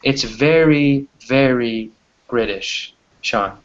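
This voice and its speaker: A man's voice: mid-range voice, slow pace. A man teaching an online English class, chatty and always checking in with "right?". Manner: chatty, keeps asking "right?". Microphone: video call. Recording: dull lo-fi video-call audio.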